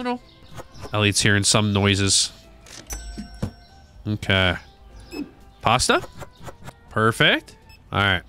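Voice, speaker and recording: Gaming creator, male: swings his pitch a lot and has a sharp, bright tone; jokes, swears, addresses NPCs. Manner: animated, joking, swears and talks to game characters. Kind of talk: casual gameplay commentary.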